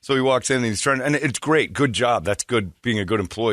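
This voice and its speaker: A man's voice: fairly low pitch, brisk, fairly bright tone, dry recording, studio quality. A middle-aged man hosting a morning radio show, rambling through stories with crude jokes. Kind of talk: casual morning radio banter.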